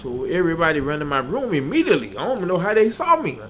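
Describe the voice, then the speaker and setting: A man recounts his own story in a lively monologue, voicing the people in it and pushing to loud, emphatic peaks. His voice sits a little high for a man. The audio is slightly dull, with a faint hum behind him. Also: racing. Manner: animated, acts out dialogue, builds to loud emphatic peaks.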